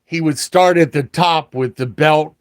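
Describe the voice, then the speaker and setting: An older man spinning slow, meandering stories on a live stream. His voice sits a little high for a man, and he talks in an unhurried, folksy, wry way. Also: no room sound. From Washington area, USA. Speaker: livestream host. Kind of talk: casual storytelling livestream.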